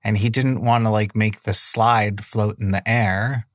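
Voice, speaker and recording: Male storyteller, low voice, loose improvised kids' tale, dry sound. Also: fairly even intonation, a little slow, no echo. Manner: casual, many fillers, rambling. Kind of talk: improvised children's bedtime story.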